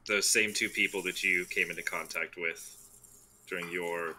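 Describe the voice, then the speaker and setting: A man playing a tabletop role-playing game, speaking casually and hesitantly with frequent filler pauses. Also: low voice, fairly even intonation, pushed and bright. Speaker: player.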